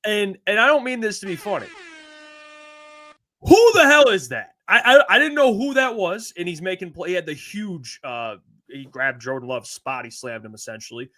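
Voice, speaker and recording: Jokey sports show guy, bright punchy voice, kinda high. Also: moderate pace. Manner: excitable, jokey. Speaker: co-host. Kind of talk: casual sports talk.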